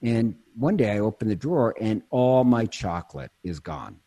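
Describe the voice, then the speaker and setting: Husky-voiced priest telling stories. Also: male voice, on the low side, very animated, moderate pace, mellow. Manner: storytelling, self-interrupting, laughs easily. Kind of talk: casual conversation.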